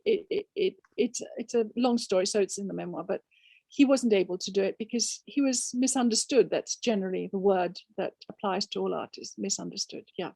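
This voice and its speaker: An older woman author from Spain speaks with a fairly high voice. She answers questions emphatically, restarting often and firing off rhetorical questions. The recording is dry, with no room sound. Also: vocal fry, darkish tone, dry recording. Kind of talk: conversational Q&A.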